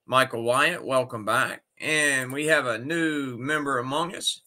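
A man's voice: mid-range voice, a little slow, hardly any pauses, bright, forceful tone. A sick man hosting a casual livestream, greeting his viewers one by one by name. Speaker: livestream host.

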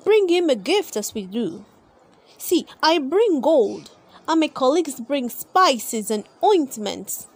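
A woman reading a storybook aloud and voicing grave, kindly traveling kings who speak calmly. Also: high-pitched, slow pace, full character voice. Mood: gentle.

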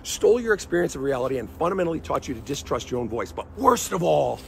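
A man's voice: fairly high pitch, big pitch swings, fast talker, creaky, slight background noise. A middle-aged man, a therapist, giving blunt, emphatic commentary straight to camera, driving his points home with repeated questions.

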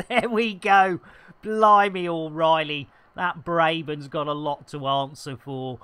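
A man's voice: on the high side, steady tone, slow pace, pushed and bright, clear, resonant tone, dry recording. A man streaming a game, full of playful innuendo banter and with a slight frog in his throat. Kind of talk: livestream commentary.

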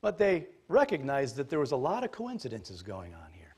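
A man, a pastor, preaching a sermon in an animated, jokey storytelling manner. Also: mid-range voice, brisk, slightly rough.

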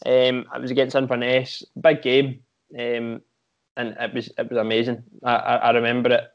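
Young Scottish man, halting chat. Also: mid-range voice, monotone, muffled recording. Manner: halting, many restarts and repeated words. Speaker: former footballer, podcast guest. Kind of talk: casual interview chat.

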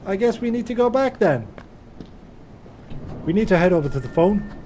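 A man's voice: high voice, sing-song, normal speed, mellow, a little hiss or hum. A man giving casual let's-play commentary on a horror game, chatty and reacting aloud with swearing. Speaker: gaming streamer.

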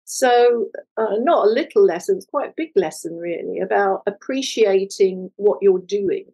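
An older woman, an artist being interviewed, telling a personal story in a lively conversational way and acting out the voices of people she quotes. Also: medium pitch, moderate pace, vocal fry, slightly rough, low-quality recording. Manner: animated, acts out quoted voices. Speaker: guest, multimedia artist.

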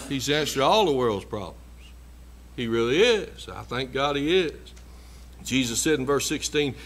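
A man's voice: medium pitch, lively intonation, measured pace. A man preaching a sermon in a church, folksy and emphatic, repeating his phrases. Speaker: pastor.

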